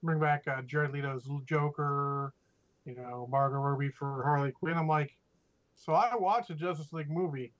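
A man's voice: on the high side, normal speed. A man co-hosting a casual podcast chat, opinionated and profane, rambling through his takes. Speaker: podcast co-host. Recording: dull lo-fi audio.

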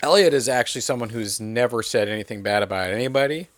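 Guy co-hosting a chatty podcast, teasing and playful, dry close mic, average pitch. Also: fast, no room sound. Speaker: podcast co-host. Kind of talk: casual chat.

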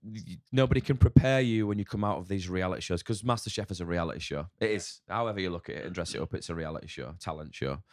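A man with a northern English accent talks in a very low, deep voice, blunt and full of swearing. He rambles through a casual podcast chat as a chef guest. The sound is dry and close. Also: quick pace, few pauses, darkish tone, dry recording. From north of England. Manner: swears a lot, frank and rambling.

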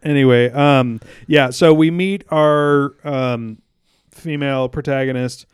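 A man's voice: mid-range voice, fairly even intonation, takes it slowly, clear, resonant tone, no room sound, clean studio sound. A young man co-hosting a casual podcast chat, rambling, stumbling over words, laughing and swearing often. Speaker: podcast co-host.

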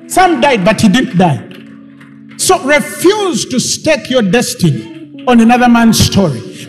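A man preaches a sermon to a room full of people. His voice is strikingly high and very lively, and he builds emphatically into shouted, repeated lines. Music plays clearly behind him. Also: a little slow. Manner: emphatic, rising to shouts, repetitive. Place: church hall with congregation.

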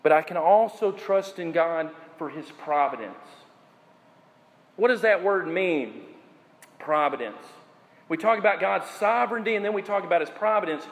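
Male pastor, higher voice, emphatic sermon delivery, long hall reverb. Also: expressive. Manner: preaching with slow emphatic phrases and questions to the congregation.

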